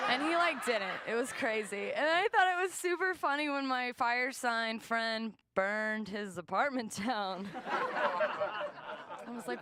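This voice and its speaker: A young woman from the American South doing a stand-up set, deadpan and self-mocking, chuckling between jokes. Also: fairly high pitch, slow pace, pauses often, background noise. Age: young adult. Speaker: stand-up comedian.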